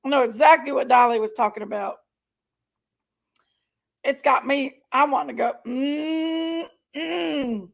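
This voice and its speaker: A woman's voice: sits high, normal speed, vocal fry, pauses often. A woman hosting a live stream, reacting to videos with indignant, exasperated commentary to her chat. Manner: indignant, exasperated, keeps apologizing to viewers.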